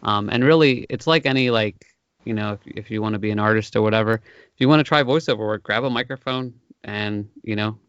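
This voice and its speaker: A man co-hosting a podcast, asking questions in a relaxed, rambling way. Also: on the low side, a little fast, clean tone, no room sound. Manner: relaxed, rambling, many fillers. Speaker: podcast co-host. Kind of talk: casual podcast interview. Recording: dry, muffled sound.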